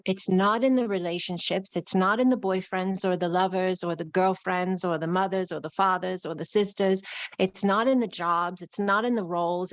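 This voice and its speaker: A woman with a New York accent talks through a live-streamed spiritual lesson, her voice sitting at a middle pitch. She moves in flowing, repeating phrases. The sound is close and dry, with no room around it. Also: no room sound. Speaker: spiritual teacher.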